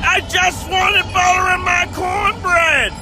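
A man voicing a frantic bystander who shouts his answers over a loud crowd in a comedy sketch. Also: steady tone, takes it slowly, very noisy, exaggerated voice. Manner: shouting, shrill. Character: frantic shouting man on a riot-torn street. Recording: loud crowd and music behind.

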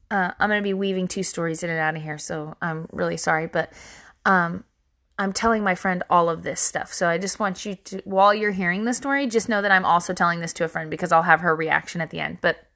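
Bright, chatty woman telling a story. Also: fairly low pitch. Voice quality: bright, chatty, swears freely. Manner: self-deprecating, laughs at herself. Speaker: podcast host. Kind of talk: candid storytelling monologue.

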